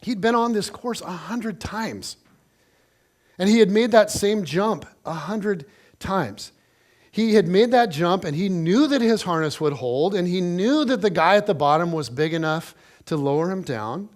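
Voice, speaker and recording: A man preaching to his church with a notably high voice. He tells the story in a chatty, animated way, drawing the congregation in with direct questions. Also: unhurried. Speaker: pastor. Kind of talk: sermon.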